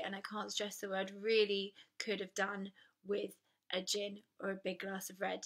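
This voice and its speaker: A woman's voice: mid-range voice, flat delivery, normal speed. A young woman talking to camera in a candid, self-mocking personal vlog, with many ums. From United Kingdom. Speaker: vlogger.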